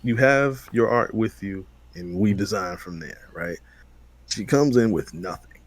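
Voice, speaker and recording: Laid-back man telling a story, lively. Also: fairly low pitch, measured pace, no echo. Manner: laid-back, slangy, laughing. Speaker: podcast co-host. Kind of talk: casual storytelling chat.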